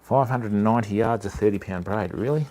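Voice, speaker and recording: A man's voice: fairly low pitch, fairly quick, darkish tone, a little hiss or hum. A man with an Australian accent hosting a casual fishing livestream, chatting with viewers and calling them mate. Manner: chatty, greets viewers by name, calls them mate and fam. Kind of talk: casual live stream chat.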